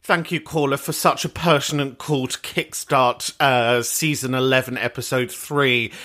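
A man's voice: medium pitch, fairly even intonation, pushed and bright. A man hosting a podcast, talking in a sweary, camp, self-mocking comic monologue. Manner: sweary, camp, quick to laugh at himself. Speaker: podcast host.

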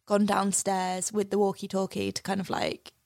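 A woman's voice: medium pitch, completely flat delivery, moderate pace, a little mellow. A woman co-hosting a casual podcast chat, giggly and enthusiastic, acting out film quotes. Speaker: podcast co-host.

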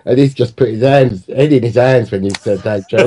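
A man co-hosting a football podcast, chatty and quick to cut in with apologies. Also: medium pitch, warm tone, a little hiss or hum. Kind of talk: casual chat.

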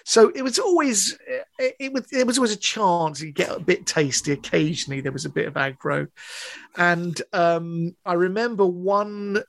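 Animated man telling a story. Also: high voice, moderate pace, creaky, no echo. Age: 50s. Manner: animated, laughing storyteller with British slang. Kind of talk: casual anecdote telling.

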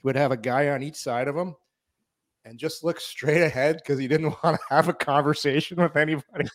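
A man's voice: on the high side, a little fast, dry recording. A middle-aged man, a former hockey player co-hosting a sports talk show, telling stories with lots of laughter. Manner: animated storyteller, laughs often, acts out voices. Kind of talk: casual sports talk, storytelling.

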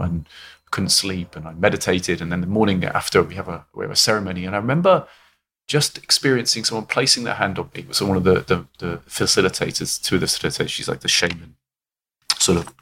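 A man hosting a podcast interview, talking in a rambling, expressive way with many restarts. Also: low-pitched, fast, slight background noise. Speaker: podcast host. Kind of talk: casual podcast conversation.

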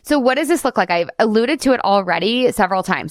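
A woman's voice: mid-range voice, lively intonation, fairly quick, dry recording. Woman podcast host and coach, chatty and giggly, casual swearing, dry close-mic sound. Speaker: host, weight loss coach.

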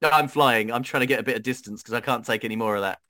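A man playing a tabletop game as a player, talking with lots of animation and big jumps in pitch. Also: racing, dry recording. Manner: animated, jumps high in pitch when excited.

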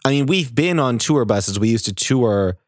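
A man's voice: mid-range voice, expressive, normal speed, no echo, studio quality. A man co-hosting a comedy podcast, playing along earnestly and feeding mock-serious questions in improvised chat. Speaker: podcast co-host.

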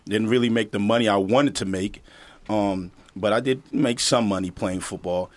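Man, middle-aged, from the Virgin Islands, low voice, dry sound, casual storytelling. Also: moderate pace, no echo. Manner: storytelling, laughs often, acts out quotes. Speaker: podcast co-host, football coach. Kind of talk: casual chat.

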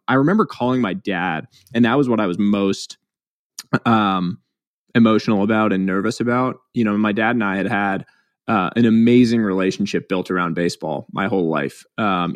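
Low-voiced man telling a candid story. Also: dry recording. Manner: candid, heavy use of "like" and "um". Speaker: guest. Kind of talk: reflective interview storytelling.

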